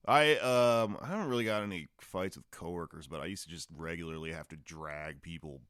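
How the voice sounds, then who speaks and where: A man's voice: low-pitched, a little fast, fairly bright tone, clear, resonant tone, no echo, studio quality. A man on a podcast as a comedian guest, chatting loosely and profanely, laughing as he tells bar stories. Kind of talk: casual chat.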